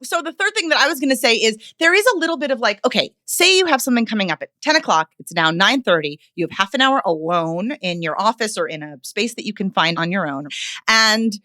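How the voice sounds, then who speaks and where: A woman vocal coach speaking as a podcast guest, expressive and animated, with playful ironic asides. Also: mid-range voice, fast talker, no echo, studio quality. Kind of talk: podcast interview.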